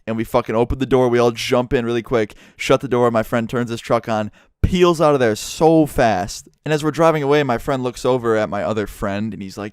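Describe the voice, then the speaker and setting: A young man tells a story vlog in a lively, profane way, cursing all through. His voice is smooth and clear at a middle pitch, and the sound is dry and close to the mic. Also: fairly quick, no room sound. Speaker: YouTuber.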